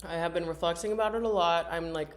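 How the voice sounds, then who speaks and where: A woman's voice: fairly low pitch, fast, slight background noise. A young woman vlogging casually and reflectively, rambling with many fillers, sometimes eating while she talks and reading questions from her journal. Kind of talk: reflective personal vlog.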